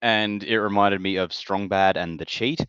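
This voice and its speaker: A man with a very low voice, chatting on a podcast. He rambles and restarts his sentences. The recording is dry and a little muffled. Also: fairly even intonation, moderate pace, fairly bright tone, clean tone, no room sound. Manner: rambling, self-correcting. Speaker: podcast co-host. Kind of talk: casual chat.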